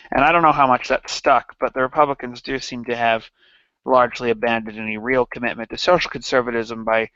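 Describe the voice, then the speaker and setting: A man hosting a livestream in casual satirical chat, halting and rambling with many restarts. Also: medium pitch, creaky, sharp tone, no echo, highs cut off. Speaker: livestream host.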